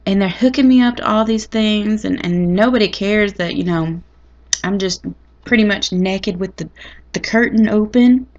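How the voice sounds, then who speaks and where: A woman's voice: medium pitch, moderate pace, darkish tone, highs cut off. A woman telling a personal story in a chatty, dramatic, folksy way. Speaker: vlogger. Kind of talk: casual storytelling to camera.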